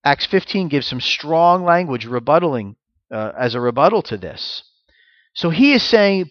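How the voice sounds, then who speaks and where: A man's voice: fairly high pitch, big pitch swings, normal speed, no echo, lo-fi sound. A man giving a sermon as pastor, teaching through rhetorical questions and repeated phrases.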